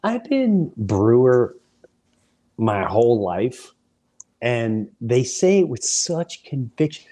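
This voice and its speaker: A man hosting a podcast, telling animated, rambling off-the-cuff stories that wander off on side paths. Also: medium pitch, takes it slowly. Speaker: podcast host, comedian. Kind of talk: off-the-cuff storytelling.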